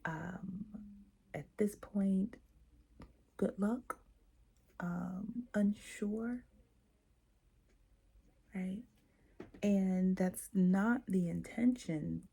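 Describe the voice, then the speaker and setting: A woman hosting a self-help talk, speaking slowly with a gravelly, slightly husky tone. Her voice is darker and mellow, and she coaches her listeners, acts out short example exchanges and asks them questions. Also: fairly low pitch. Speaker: host and coach. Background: quiet, late at night.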